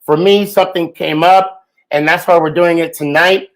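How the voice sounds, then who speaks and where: A man's voice: on the high side, steady tone, normal speed, poor audio. A man hosting a casual podcast, chatty and joking, with a lot of fillers and restarts. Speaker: podcast host.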